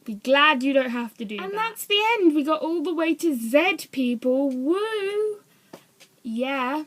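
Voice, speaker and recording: A woman's voice: high-pitched, expressive, measured pace. A young woman vlogging in a casual, rambling way, often hesitant and poking fun at herself. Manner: rambling, hesitant, self-deprecating. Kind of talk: casual chat to camera.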